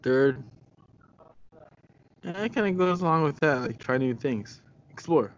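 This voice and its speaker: A man's voice: a little high, animated, a little slow. Young male podcast co-host, chatty and giggly, slightly dull lo-fi sound. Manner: laughs often, chatty with many fillers. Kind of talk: casual chat.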